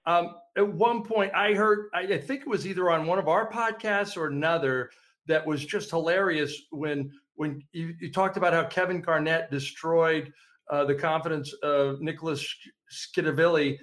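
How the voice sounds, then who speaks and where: A man with a slightly raised pitch leads a casual podcast interview. He is playful and laughs readily, filling pauses with hesitant ums as he goes. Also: fairly bright tone. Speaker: podcast host.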